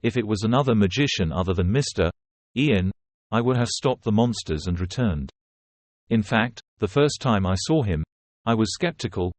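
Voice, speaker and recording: A man's voice: lowish voice, lively intonation, moderate pace, dry recording. A man voicing an earnest, worried male general who is grateful to his savior, in a storybook recap.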